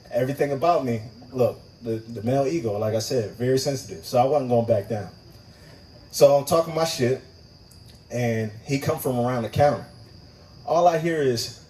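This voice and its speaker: Animated man telling a profane stand-up story. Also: medium pitch, far from the mic, low-quality recording. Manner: profane, animated, acts out voices in his story. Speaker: stand-up comic. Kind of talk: stand-up storytelling at an open mic. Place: live open mic venue.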